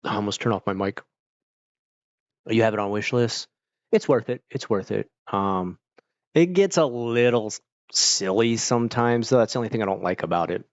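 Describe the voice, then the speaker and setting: Rambling low-voiced man with hiccups. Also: animated, moderate pace, dry recording, muffled recording. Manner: rambling, full of "like" fillers. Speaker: streamer chatting with viewers. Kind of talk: casual chat.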